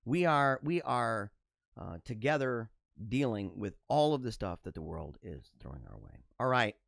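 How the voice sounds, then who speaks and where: A man's voice: mid-range voice, big pitch swings, normal speed, gravelly, fairly bright tone, no room sound, studio quality. A man hosting his own talk show, reading jokes aloud and reacting with sarcastic, joking commentary and frequent laughter. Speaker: podcast host.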